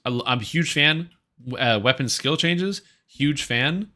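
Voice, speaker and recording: A man's voice: mid-range voice, lively intonation, moderate pace, sharp tone. A man streaming a video game, chatting casually in a rambling, offhand and opinionated way. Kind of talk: casual live-stream commentary.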